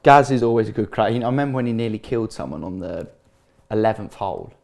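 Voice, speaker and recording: A man's voice: on the low side, quick pace, vocal fry, darkish tone. A man, a celebrity guest chatting casually and telling stories with laughs. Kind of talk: casual chat.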